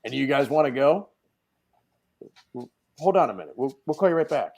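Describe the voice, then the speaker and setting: Animated storytelling man from Connecticut. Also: mid-range voice, a little fast. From Connecticut, USA. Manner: animated anecdotes, acting out quoted voices. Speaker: guest. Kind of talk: casual storytelling on a podcast. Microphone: remote video call mic.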